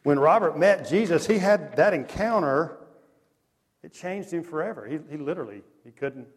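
A male pastor with a drawl delivers a sermon in a casual, storytelling way. His voice sits somewhat high, and his loudness swings from hushed to punchy. A long reverb trails every phrase, as in a large hall. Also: normal speed, husky. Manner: animated, conversational storytelling with lively swings in loudness.

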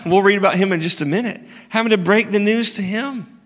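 Pastor joking through a sermon. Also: male voice, high voice, fairly quick, fairly bright tone. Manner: conversational, joking with the congregation, many rhetorical questions. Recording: long hall reverb.

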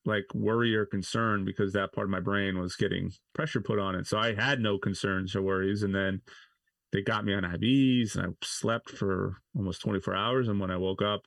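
A man's voice: fairly low pitch, steady tone, normal speed, vocal fry, a bit bright, no echo. A man, likely in his thirties, as a podcast guest telling personal stories in a rambling way, with many "like" fillers and restarts. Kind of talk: casual interview storytelling.

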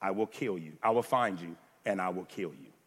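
A man's voice: low voice, brisk, a bit bright, breathy edge, in a large hall, voice pushed down. A preacher putting on a grim, menacing ex-agent father. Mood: cold menace.

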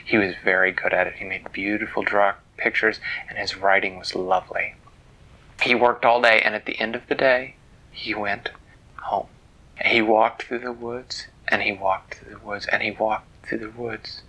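Male bedtime storyteller, playful and hushed, gravelly edge. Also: fairly low pitch, fairly even intonation, moderate pace, low-quality recording. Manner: gentle and playful, drops to hushed whispers.

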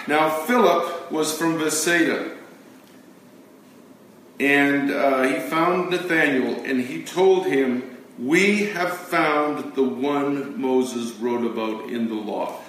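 A man's voice: mid-range voice, takes it slowly, a bit bright, slight background noise. A man giving a conversational teaching sermon to a congregation, asking them questions as he goes. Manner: conversational, asks the audience questions. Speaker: pastor. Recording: echoey room, mic from a distance.

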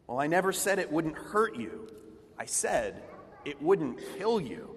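A preacher voicing a calm, firm male angel who speaks steadily and plainly. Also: on the high side, measured pace, long reverb tail, a little hiss or hum, voice pushed down.

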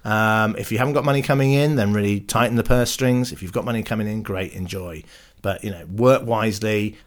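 A man's voice: lowish voice, brisk. A man, an actor and podcast guest, chatting casually and telling stories with self-deprecating jokes.

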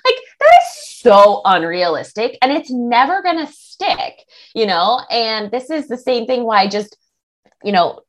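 A woman body image coach answering interview questions in a casual, animated way, acting out the thoughts of others. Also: fairly high pitch, a little slow. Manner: animated, acts out quoted thoughts.

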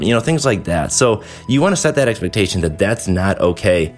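A man's voice: fairly low pitch, faint music behind. A man in his thirties hosting a show, talking through practical advice in a casual, conversational way and briefly acting out quoted lines. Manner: animated, conversational, acts out quick quoted asides. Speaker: dental practice owner and podcast host.

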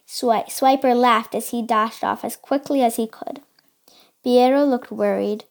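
A woman's voice: fairly high pitch, fairly even intonation, a little slow, creaky. A woman reading a children's storybook aloud, carefully and with small slips. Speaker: storybook reader.

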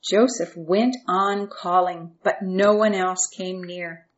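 Calm woman narrator for a children's Bible story, slow-paced, lo-fi muffled recording. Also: fairly low pitch. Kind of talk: reading a Bible story aloud.

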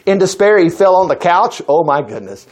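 A man preaching a sermon, retelling a Bible story in a lively, chatty way and acting out the characters' lines. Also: high-pitched, normal speed. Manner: animated, acting out voices, chuckling asides.

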